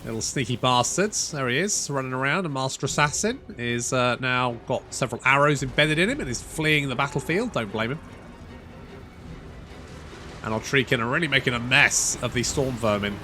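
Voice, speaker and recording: A man's voice: mid-range voice, moderate pace, sharp tone, soft background music. A man giving casual, wry commentary over a strategy game, swearing freely and chatting to his units. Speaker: gaming channel host.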